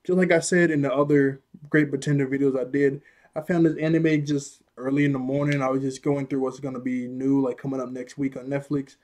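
Medium in pitch, level in tone, and a touch fast and mellow, this young anime vlog host retells a scene from a show. His casual delivery rambles, restarts, and breaks into laughs.

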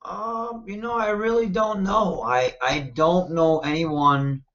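A man from Michigan, a wrestler and interview guest, talking in an animated, confident, self-promoting way and often checking in with "you know what I mean.". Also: sits high, takes it slowly, lo-fi sound. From Michigan, United States. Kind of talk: casual interview talk.

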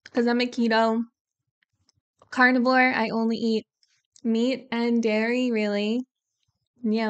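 A woman co-hosting a casual music reaction chat and reading sponsor spots with bubbly enthusiasm. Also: on the high side. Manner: bubbly, enthusiastic, talks while eating snacks. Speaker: co-host of a music reaction channel.

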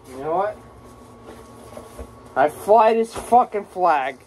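High-voiced man in a slow, profane rant. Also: animated, a little mellow. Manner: agitated, swearing constantly, repetitive. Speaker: vlogger. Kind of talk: angry profane rant to camera. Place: room at home.

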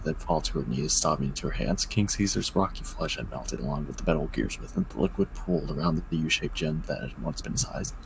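A man's voice: extremely low pitch, creaky, a little hiss or hum, poor audio. A man reading a fan-written story aloud, with joking asides and stumbles on words. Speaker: story reader.

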